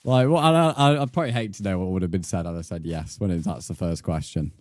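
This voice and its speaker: A man's voice: deep voice, fast, darkish tone, no room sound. A man livestreaming a game, chatting bluntly and swearing as he reads out his chat. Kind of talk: casual live gaming stream chat.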